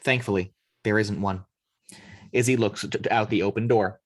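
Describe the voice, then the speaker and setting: A man narrating the action lines of a screenplay read-through in a steady storytelling manner. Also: lowish voice, normal speed, no room sound. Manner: steady storytelling, occasional slips. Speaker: narrator reading action description.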